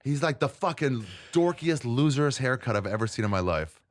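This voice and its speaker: A man, a guest comedian, chatting casually on a podcast, swearing freely and acting out what other people said. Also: fairly quick. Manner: profane, animated, jumps pitch to act out quotes.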